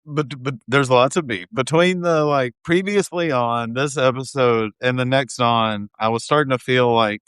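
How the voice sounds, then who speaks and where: A man's voice: mid-range voice, normal speed, few pauses, fairly bright tone, clean tone, no echo. A man co-hosting a casual pop culture recap podcast, with wry, easygoing banter. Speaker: podcast co-host.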